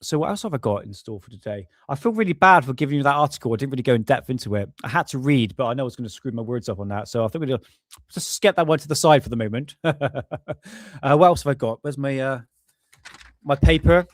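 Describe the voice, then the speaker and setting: A man chats loosely on his live stream, rambling, apologizing often and dropping casual swears. His voice sits at a middling pitch, and the sound is dry and close with no room echo. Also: animated, fast. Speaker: livestream host.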